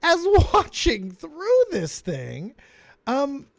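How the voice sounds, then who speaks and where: High, lively, swearing stream host. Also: male voice, very slow, vocal fry, no echo. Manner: loud, teasing and swears a lot. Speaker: livestream host. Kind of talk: casual, profane stream chat.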